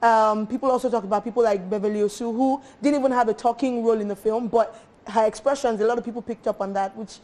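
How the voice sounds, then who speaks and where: Quick talking woman cohost, kinda high voice, lively, laughs a lot. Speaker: co-host. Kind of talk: casual movie chat.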